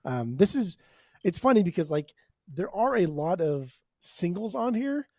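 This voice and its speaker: A man's voice: high-pitched, big pitch swings, unhurried, darkish tone, no room sound, studio quality. A man co-hosting a podcast, joking playfully and humming bits of tunes in casual chat. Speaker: podcast co-host.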